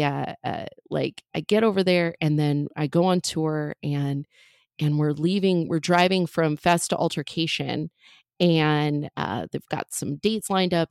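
A woman's voice: low voice, a little mellow, dry recording, clean studio sound. A woman comedian in her thirties telling a story as a podcast guest, chatty and full of fillers and jokey asides.

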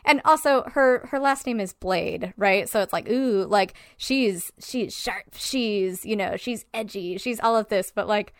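A woman's voice: mid-range voice, a little slow, hardly any pauses, no room sound. Blunt, swearing woman critiquing a film. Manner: blunt, swears freely, many "like" fillers, acts out quotes. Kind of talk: casual film critique chat.

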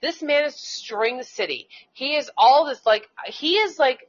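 A fairly high-voiced woman rants on a talk show, stumbling over her words, restarting again and again and swearing when angry. The sound is dull and lo-fi, like cheap internet radio. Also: animated, moderate pace. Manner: heated, rambling, many restarts and swearing. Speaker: co-host; schoolteacher. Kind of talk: casual political talk.

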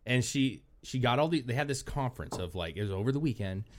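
A man's voice: mid-range voice, fast talker. A man co-hosting a podcast, telling stories in casual, profane chat and acting out the voices of people he quotes. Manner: animated storytelling, profane, acts out quoted voices. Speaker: podcast co-host.

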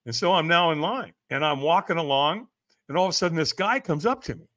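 A middle-aged man, a personal development coach, telling an animated story as a podcast guest, acting out what others said and often checking in with "right?". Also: fairly high pitch, quick pace. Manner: lively, acts out quoted voices, frequent "right?".

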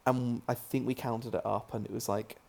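A man's voice: medium pitch, fairly even intonation, moderate pace, gravelly, darkish tone. A British man being interviewed as a filmmaker guest, talking casually with many restarts and an amused tone.

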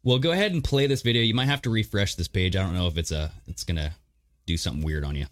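A man hosting a podcast in casual chat, animated and profane, directing what is shown on screen. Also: deep voice, fast talker. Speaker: podcast host.

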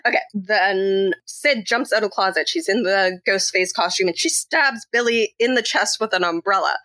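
A woman from Canada retells a film plot in a casual podcast chat, jumping into a higher, bigger voice whenever she quotes the characters and laughing along the way. Her tone is bright and clear, and the sound is dry and close. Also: normal speed, no room sound. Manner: animated retelling, acting out quotes in a raised voice, laughing often. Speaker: podcast co-host. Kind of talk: casual movie recap chat.

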